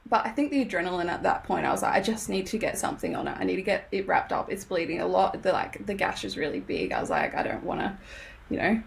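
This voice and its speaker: A young Australian woman on a podcast tells a story fast and animatedly, laughing as she plays out people's remarks. Her voice is lowish and gravelly, with slight background noise.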